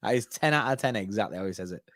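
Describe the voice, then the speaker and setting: Animated young man, dry sound. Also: on the low side, rapid-fire, no echo. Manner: animated, laughs often, lively bursts. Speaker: co-host of fan live stream. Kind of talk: casual chat.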